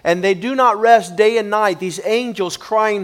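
A pastor raised in a Cuban family, preaching an emphatic sermon with many repetitions and growing intensity. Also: male voice, extremely high pitch, unhurried, hardly any pauses, a bit bright. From Cuban upbringing.

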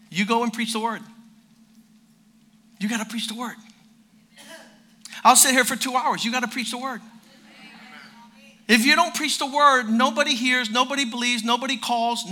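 A male pastor preaching a sermon, hammering phrases through repetition and dropping to a quiet voice for stories. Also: extremely high pitch, normal speed, pauses often, a little hiss or hum. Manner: emphatic, repeats phrases for emphasis; drops to a quiet storytelling voice.

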